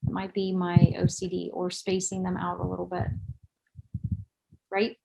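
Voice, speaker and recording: A woman's voice: fairly low pitch, monotone, moderate pace, vocal fry, dark tone, low-quality recording. A woman presenting a screen-share webinar tutorial, chatty and self-deprecating, thinking aloud as she clicks through the steps.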